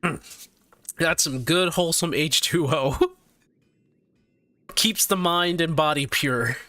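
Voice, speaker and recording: A man's voice: a little high, slow, sharp tone, no room sound. A man streaming live, chatting casually and animatedly with his viewers, laughing often and tripping over his words.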